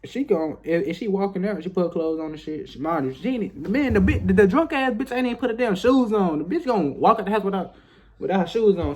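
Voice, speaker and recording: A man's voice: high-pitched, fast, darkish tone, slight background noise. A young man in his twenties telling a casual, rambling story full of repetition and profane slang.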